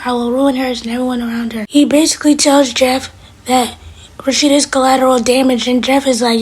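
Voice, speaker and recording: On her own channel, a woman with a high, husky voice and a darkish tone casually recaps a TV episode scene by scene, reviewing it as she goes. She races through the retelling, quoting each character in nearly the same voice as her narration. The recording is low quality.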